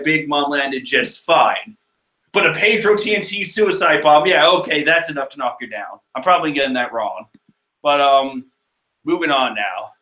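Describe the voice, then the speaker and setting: A man's voice: a little high, sharp tone. A man casually reading through a manga chapter and rambling with joking asides. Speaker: manga reader host. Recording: echoey room.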